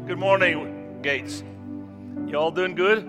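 Guy in his 50s preaching, cracks jokes, tells stories, gets loud then quiet, church echo rings on. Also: high-pitched, slow pace, loud music behind the voice. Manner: joking, storytelling, big swings in loudness. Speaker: guest preacher. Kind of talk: sermon. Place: church sanctuary. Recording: long reverb of a church hall.

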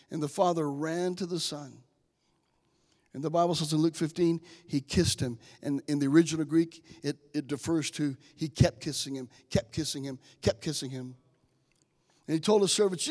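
Man, preacher, high voice, impassioned sermon, reverberant church hall. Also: moderate pace. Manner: impassioned, swells from soft to loud; addresses the congregation directly.

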